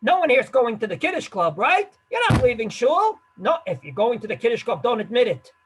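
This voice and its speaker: A man teaching a lively class as a rabbi, quizzing and teasing his listeners as he explains. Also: very high-pitched, brisk, background noise. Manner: animated, quizzes and teases the listeners.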